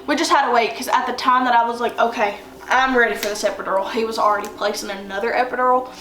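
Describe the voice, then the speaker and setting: A young woman tells a personal story in a loose, rambling way, leaning on fillers as she goes. Her voice sits a little high. The sound is roomy and echoey, picked up by a mic some way off. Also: steady tone, fast, a bit bright. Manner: chatty, rambling with many fillers. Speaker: vlogger. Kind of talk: casual storytelling. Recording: roomy echo, distant from mic, faint noise.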